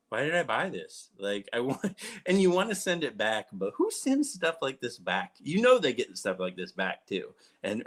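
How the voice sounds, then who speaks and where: This man in his thirties talks to camera as a vlogger in a rambling, self-mocking way, frequently starting his sentences over. He has a medium-pitched, slightly bright voice.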